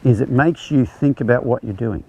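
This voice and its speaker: Man, gravelly voice, horsemanship clinician, explaining while demonstrating, dull lo-fi livestream audio. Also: mid-range voice, normal speed, mellow. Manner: explains conversationally, demonstrating as he speaks. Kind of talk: live teaching demonstration. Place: outdoor ranch arena.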